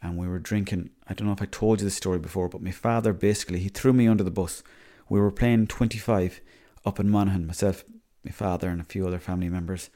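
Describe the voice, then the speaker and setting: A young Irish man talks through his week on a solo podcast, wandering from story to story and cursing freely. His voice sits a little low and comes across mellow and soft-edged. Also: steady tone, fast talker, few pauses. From Ireland. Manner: rambling, chatty, swears freely. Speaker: podcast host. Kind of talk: casual solo podcast monologue.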